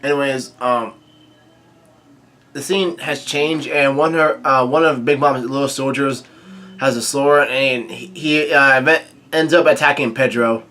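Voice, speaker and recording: A man casually reading a comic chapter aloud, quoting lines and adding his own quick asides. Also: medium pitch, steady tone, bright, forceful tone. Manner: reads quoted lines aloud with brief reactions and asides, many fillers. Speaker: manga reading commentator.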